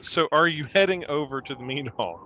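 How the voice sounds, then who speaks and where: A young man narrating as game master, animated and playful as he sets the scene. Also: on the high side, a little fast, crowd noise.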